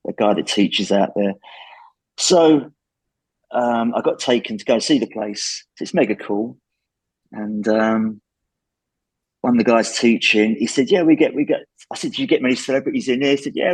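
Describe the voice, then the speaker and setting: A man's voice: mid-range voice, a little mellow, husky, dry recording, rough recording. A man, the guest in an interview, talking in a plain-spoken, casual way. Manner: plain-spoken, lots of restarts. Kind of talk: casual chat.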